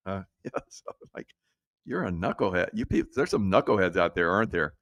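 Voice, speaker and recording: Male vlogger, rambling political rant, sarcastic and profane with frequent chuckles, deep-ish voice, dry room. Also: very animated, fairly quick, a bit bright, dry recording. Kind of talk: rambling off-the-cuff monologue.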